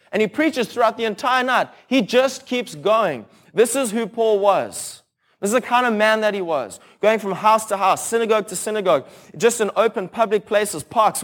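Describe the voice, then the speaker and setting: Chatty, story-driven man preaching. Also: high voice. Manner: casual, conversational, many restarts and asides; animated storytelling with humor. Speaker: pastor. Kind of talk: sermon.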